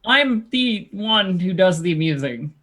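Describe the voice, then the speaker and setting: A sardonic court jester with a dry, sarcastic way of talking, played by a woman at the table. Her voice sits in a middle pitch. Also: lively intonation, a little slow, fairly bright tone.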